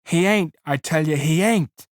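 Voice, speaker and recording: A man's voice: fairly high pitch, unhurried, no room sound, clean studio sound, natural voice. Man doing a frightened childlike farmhand. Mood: frantic. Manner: pleading, childlike rural drawl. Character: simple-minded giant farmhand, childlike and fearful.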